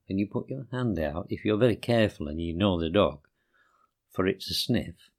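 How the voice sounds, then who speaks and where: A man reading rhyming children's poems aloud in a gentle, sing-song way. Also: lowish voice. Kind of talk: rhyming storybook narration.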